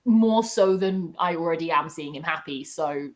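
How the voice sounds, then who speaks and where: A woman's voice: sits low, normal speed. A British woman in her twenties chatting casually as a host, gushing and swearing freely. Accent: British English. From Britain. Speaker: book YouTuber host. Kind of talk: casual chat.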